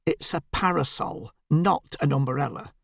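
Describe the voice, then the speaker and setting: A man's voice: fairly high pitch, measured pace, creaky, dry recording, clean studio sound. A man voicing a bossy, fussy middle-aged wife who scolds in a prim, censorious way. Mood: scolding.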